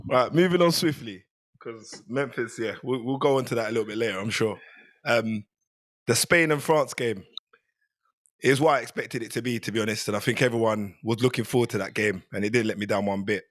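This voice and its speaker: A man's voice: mid-range voice, fairly quick, dry recording. A man on a football podcast panel, joking and bantering in a casual chat.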